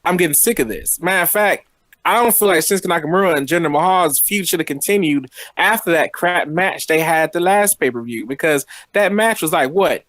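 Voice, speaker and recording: A man's voice: on the high side, a bit bright, no echo. A man co-hosting a casual wrestling podcast, rambling through his points and speeding up when he gets going. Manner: rambling, fast when worked up. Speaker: podcast co-host.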